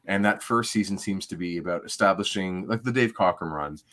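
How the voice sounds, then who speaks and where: A man's voice: low-pitched, brisk, fairly bright tone. A middle-aged man co-hosting a livestream, talking in a rambling, laid-back way with plenty of fillers. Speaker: podcast co-host. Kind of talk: casual livestream chat.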